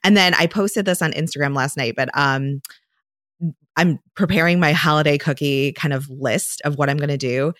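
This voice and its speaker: A woman's voice: deep voice, moderate pace, fairly bright tone, no room sound, clean studio sound. A woman co-hosting a podcast, chatting casually and rambling with lots of fillers and restarts. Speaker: podcast co-host; dietitian. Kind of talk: casual chat.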